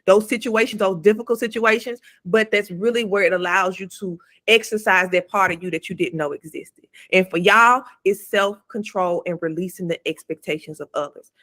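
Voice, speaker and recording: Bright-voiced, emphatic woman podcast host. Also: medium pitch, moderate pace. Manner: emphatic, blunt, swears freely. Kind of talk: casual advice talk.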